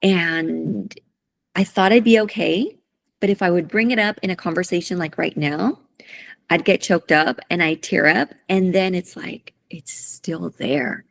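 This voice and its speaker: Emotional woman with a gravelly voice. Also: on the low side, steady tone. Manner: soft-spoken, halting, emotional. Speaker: guest, coach. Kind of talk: emotional personal story in an interview.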